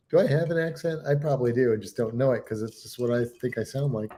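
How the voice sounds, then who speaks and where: A man's voice: mid-range voice, brisk, dark tone. Man, livestream co-host, casual chat, joking, laughing, playful put-on accents. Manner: frequent laughter, repeats others' words.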